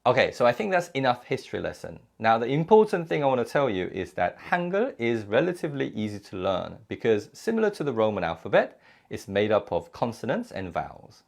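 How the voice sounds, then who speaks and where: A man teaching a recorded language lecture, explaining clearly and slowly enough to follow, repeating example sounds. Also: mid-range voice, big pitch swings.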